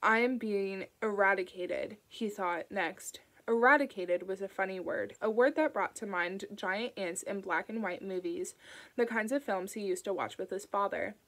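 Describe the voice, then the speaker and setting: A woman narrating an audiobook in a calm, even storytelling manner. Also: medium pitch, rough recording. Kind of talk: audiobook reading.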